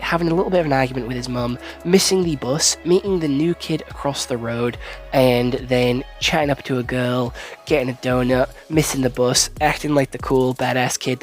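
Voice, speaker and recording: Young guy doing a show review vlog, rambly, swears a lot, mid-pitched, faint music behind. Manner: rambling, swears freely, self-correcting.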